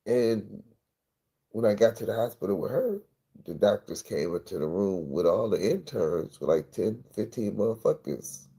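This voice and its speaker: Man, very low voice, gravelly, rambling profane storytelling, livestream monologue. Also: animated, moderate pace, dark tone.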